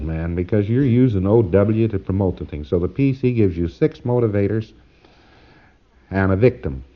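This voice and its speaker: A man giving a lecture to trainees, folksy and wry, acting out short exchanges as he talks. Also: on the low side. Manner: folksy, wry, acts out exchanges in quick asides. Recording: dull lo-fi old tape recording.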